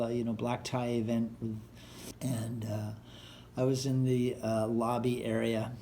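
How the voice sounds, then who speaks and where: A male rock musician telling a relaxed, rambling story, with fillers and quoted voices. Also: medium pitch, a little hiss or hum.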